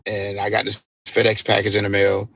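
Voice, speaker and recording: Low gravelly man telling a story. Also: a little fast. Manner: animated, profanity-laced storytelling. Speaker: guest DJ. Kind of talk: casual storytelling interview.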